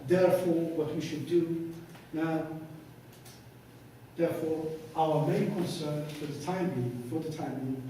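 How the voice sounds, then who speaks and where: Male lecturer with a high, mellow voice who tells stories and plays out the dialogue, heard from a distance in a very reverberant hall with faint background hiss. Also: steady tone, a little slow, pauses often. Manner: storytelling, acts out both sides of dialogues. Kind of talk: conference lecture with anecdotes. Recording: echoey hall, voice from far off.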